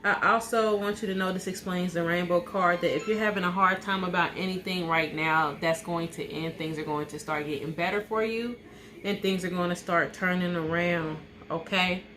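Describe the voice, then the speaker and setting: A woman's voice: on the low side, steady tone, moderate pace, over music. A woman reading tarot cards in a casual, reassuring way, often checking in with "okay". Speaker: tarot card reader, host. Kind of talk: casual live card reading.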